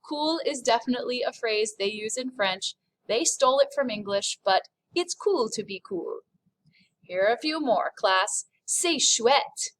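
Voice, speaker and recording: Teaching French on a recording, a woman with a fairly high voice keeps a slow, clear pace. She models phrases with an upbeat energy.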